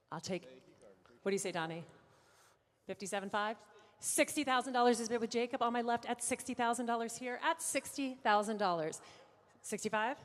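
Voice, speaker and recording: A woman auctioneer runs a live car sale, rattling off figures and teasing bidders between calls. Her voice rings out in a large room with a long trailing reverb. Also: a little high. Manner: brisk bid-calling with playful asides to bidders.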